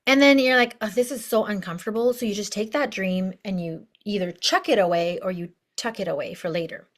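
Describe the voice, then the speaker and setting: A woman's voice: mid-range voice, brisk. A woman life coach teaching an online course lesson in a bubbly, chatty way, full of asides.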